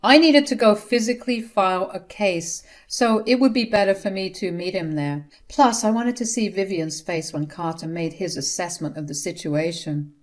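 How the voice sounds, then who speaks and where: A woman narrating a first-person family drama story in a steady, indignant way. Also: medium pitch, normal speed, few pauses.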